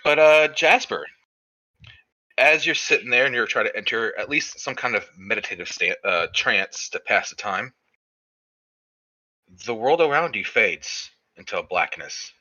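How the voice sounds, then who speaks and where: A man narrating a tabletop game as game master, describing scenes in slow detail with fillers. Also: fairly low pitch, lively intonation, bright, forceful tone, lo-fi sound.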